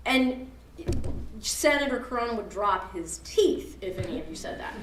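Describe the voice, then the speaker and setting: A woman leading an advocacy workshop, quizzing her audience and making joking asides in a lively talk. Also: mid-range voice, moderate pace, a little hiss or hum. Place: meeting room at a church event. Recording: roomy hall, from far off.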